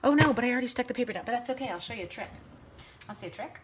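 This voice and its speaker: A woman's voice: fairly high pitch, animated, racing, very noisy. A middle-aged woman hosting a home card-making livestream, chatting casually and greeting viewers by name as she works. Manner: chatty, talks to viewers by name while crafting. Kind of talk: casual craft livestream chat.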